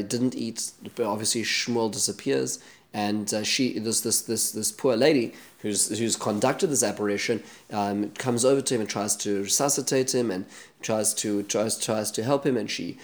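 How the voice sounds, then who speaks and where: Man retelling a Bible story. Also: on the low side. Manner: conversational retelling with many restarts and Hebrew terms. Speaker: Bible teacher. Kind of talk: Torah study lesson.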